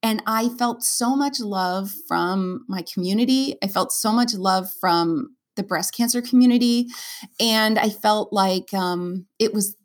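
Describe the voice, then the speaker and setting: A woman with a medium-pitched voice speaks at a measured pace as an interview guest. A stage performer, she tells her own story candidly, earnestly and emotionally, with many fillers and restarts.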